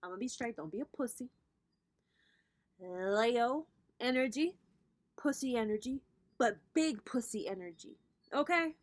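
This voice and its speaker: A woman's voice: fairly high pitch, animated, a little slow, long pauses. A woman hosting a casual astrology vlog, giving a brash, profane pep talk and calling her viewers honey and baby. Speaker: spiritual reader and vlog host.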